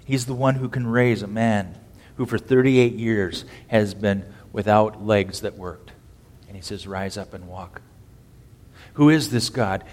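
A man preaching a sermon as pastor, swinging from loud, emphatic bursts down to quiet, low phrases. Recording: long hall reverb.

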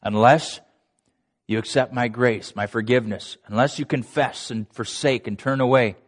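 A preacher speaking as God addressing Cain during a sermon, earnest and firm. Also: male voice, medium pitch, fairly even intonation, normal speed, voice pushed down, lightly acted. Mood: solemn. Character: stern loving male God addressing Cain. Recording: long reverb of a large hall.

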